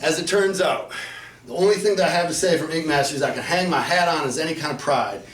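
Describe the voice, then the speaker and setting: A man from Flint, Michigan telling a profane comic story at an open mic, dropping to low mutters and bursting into shouts. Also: fast. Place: cafe open mic night. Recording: echoey room, mic far off, faint noise.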